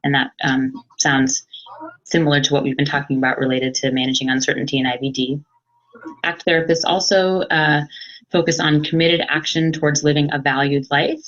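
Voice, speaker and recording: Woman, psychologist, educational webinar, calm, explanatory, pauses to think, somewhat muffled computer audio. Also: sits low. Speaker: psychologist presenter. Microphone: computer mic on a video webinar.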